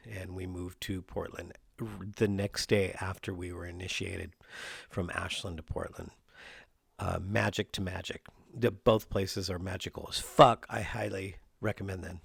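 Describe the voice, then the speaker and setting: Gravelly, profane man rambling at home. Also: on the low side, no room sound, clean studio sound. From Southern Oregon. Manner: rambling, profane, restarts mid-sentence. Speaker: podcast host and performing artist. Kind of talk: stream-of-consciousness solo podcast. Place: at home with his cat.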